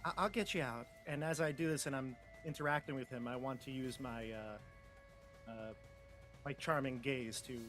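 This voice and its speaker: A man's voice: mid-range voice, moderate pace, fairly bright tone, soft background music. A man playing in a tabletop game, describing his moves casually. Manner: casual, rambling with restarts. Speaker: player.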